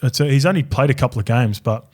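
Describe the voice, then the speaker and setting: A middle-aged Australian man co-hosting a rugby league podcast, chatty and agreeable, with quick asides and frequent laughter. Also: mid-range voice, a little mellow. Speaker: podcast co-host, former rugby league player. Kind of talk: casual sports podcast chat.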